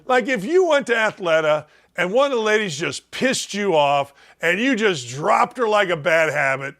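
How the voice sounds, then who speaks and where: A high-pitched older man hosts a sports talk show with a blunt, mocking edge. He jumps from loud jabs down to low, grumbling mutters. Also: lively intonation, moderate pace. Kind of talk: opinionated sports talk rant.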